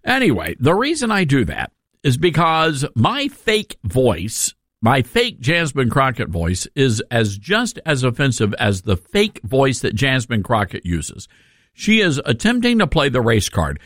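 A man hosting a talk radio show, animated and sarcastic in his commentary. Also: mid-range voice, unhurried, no room sound, clean studio sound. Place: radio studio.

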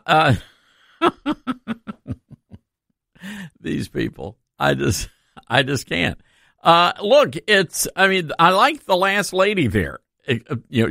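A man's voice: fairly high pitch, very animated, takes it slowly, vocal fry, pauses often, sharp tone, dry recording, studio quality. A man hosting a talk radio show, sarcastic and opinionated, laughing through his asides.

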